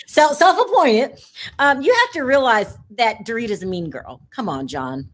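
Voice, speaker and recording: A woman's voice: fairly high pitch, sing-song, moderate pace. A woman in a casual chat, blunt and teasing.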